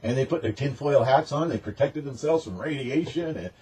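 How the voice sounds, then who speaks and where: A man's voice: mid-range voice, fairly quick, warm tone, husky. A man delivering a rambling, emphatic, unscripted monologue in a conspiratorial tone as a spiritual channel host.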